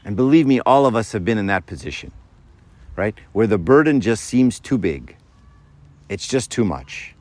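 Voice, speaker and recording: A man in his fifties gives an informal, conversational faith talk to young people in a fairly low, slightly mellow voice with lively intonation, at a normal speed and with no echo. He keeps checking in with "right?" and acts out little scenes, changing his voice for each.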